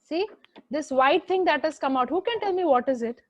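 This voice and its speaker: A woman's voice: sits high, lively intonation, a little fast, muffled recording. A woman teacher with an Indian English accent, giving an online class over a video call. She repeats her instructions, switches into Hindi, and scolds students by name.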